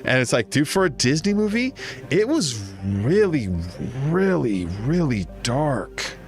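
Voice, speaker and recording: A man's voice: a little high, big pitch swings, a little slow, faint music behind. A man streaming a game, chatting casually and telling long, rambling stories full of fillers. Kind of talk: casual chat while gaming.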